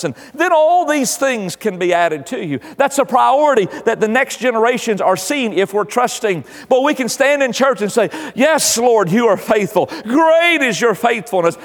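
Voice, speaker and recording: A man's voice: very high-pitched, in a large hall. An older man preaching a sermon as pastor, his delivery swelling and dropping in volume. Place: church.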